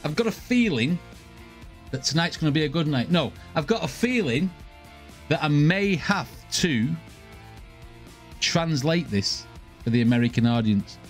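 A man's voice: on the high side, animated, a little slow, pauses often, faint music behind. A man from north-west England, hosting a reaction video, laughing a lot and explaining slang to his viewers. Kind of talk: casual reaction commentary.

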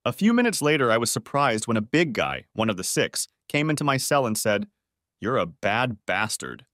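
A man narrating a first-person revenge story with a wry, expressive delivery. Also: mid-range voice, brisk, no room sound, studio quality.

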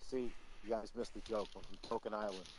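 A man's voice: lowish voice, steady tone, brisk, very noisy. A man from Boston on voice chat, cracking dry jokes with friends. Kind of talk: casual gaming banter.

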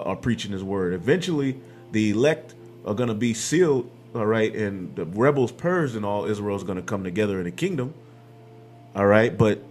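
With a medium-pitched voice, a man delivers a sermon built on scripture, reading verses aloud and punctuating his points with "man" and "okay." Music can just barely be heard in the background.

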